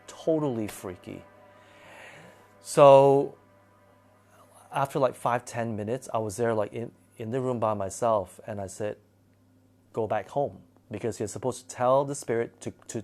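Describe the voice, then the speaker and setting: A man telling a spooky personal story in a casual, animated and dramatic way. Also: mid-range voice.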